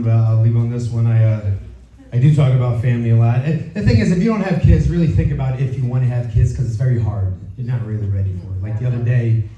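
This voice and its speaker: A man from Philadelphia doing a crude stand-up routine in a comedy club, often asking the audience if they follow him. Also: mid-range voice. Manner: brash, crude, checks in with the audience. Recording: echoey club recording, distant mic, loud audience laughter. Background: audience laughing.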